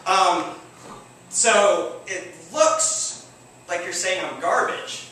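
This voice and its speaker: A man's voice: high-pitched, sharp tone, slight background noise. Wry man telling a story in an echoey room. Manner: wry, self-mocking, halting with fillers. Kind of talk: live stage storytelling. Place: theater stage. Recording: echoey room, distant mic.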